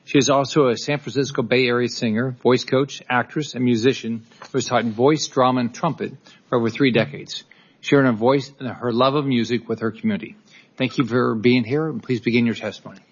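Guy chairing a hearing, mid pitch, measured, dull lo-fi sound. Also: fairly even intonation, husky. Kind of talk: formal introduction.

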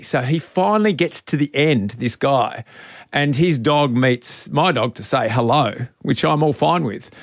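An Australian man co-hosting a radio show, telling a self-mocking story in a casual, animated way. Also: no echo, clean studio sound. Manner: animated, self-mocking, imitates beeps in a high voice. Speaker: radio co-host.

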